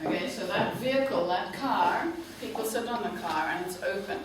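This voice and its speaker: A classroom presentation: a woman, director of a tour operator, guest-lectures students at a university in her mid-range voice. She keeps it slow and clear and keeps asking "okay?". The sound is echoey, the mic distant, with faint noise.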